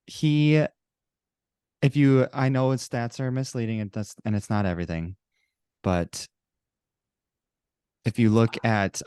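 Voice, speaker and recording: A man co-hosting a casual sports podcast, measured as he works through stats. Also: medium pitch, a little mellow, clear, resonant tone, dry recording, studio quality. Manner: measured, reels off stats, laughs easily. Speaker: podcast co-host.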